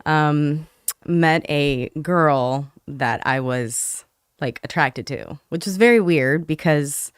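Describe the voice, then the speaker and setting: Guest woman, soft-spoken and hesitant, smooth clear voice, dry close mic. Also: deep voice, dry recording. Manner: soft-spoken, quick to laugh, hesitant with many ums. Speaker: podcast guest. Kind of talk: casual interview, personal testimony.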